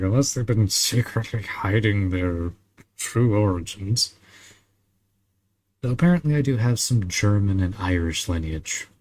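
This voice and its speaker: A young man from Australia, chatting casually with viewers while he plays a game, relaxed, laughing often and swearing now and then. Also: sits low, gravelly. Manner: laid-back, chuckles often, swears casually. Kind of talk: casual chat.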